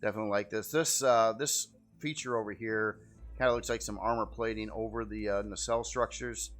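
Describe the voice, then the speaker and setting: A man's voice: lowish voice, fairly even intonation, fairly quick, fairly bright tone. A man giving casual, rambling gameplay commentary as host, easygoing and often repeating how cool things look. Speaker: game video host.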